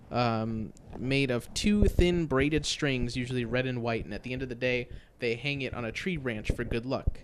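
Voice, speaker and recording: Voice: medium pitch, a little hiss or hum. A podcast co-host in casual chat, talking in a loose, rambling way, blunt and swearing freely.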